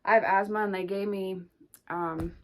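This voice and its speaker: A woman's voice: mid-range voice, steady tone, moderate pace. A young woman rambling casually through a pregnancy update vlog, full of "like" and restarts, a little out of breath. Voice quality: rambling, filler-heavy with lots of "like". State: slightly out of breath. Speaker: vlogger.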